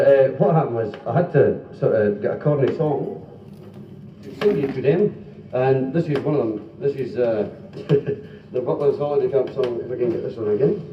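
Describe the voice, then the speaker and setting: A Scottish man telling jokes and singing comic songs in live club comedy, with playful banter. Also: medium pitch. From Scotland. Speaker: stand-up comic and singer. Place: police social club function room. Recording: dull roomy 1970s live club recording from a distance. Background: band music and laughing audience.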